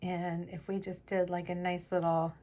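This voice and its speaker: A woman's voice: lowish voice, flat delivery, moderate pace, mellow. A woman vlogger chatting casually as she makes jewelry, thinking aloud with lots of fillers. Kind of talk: casual crafting chat.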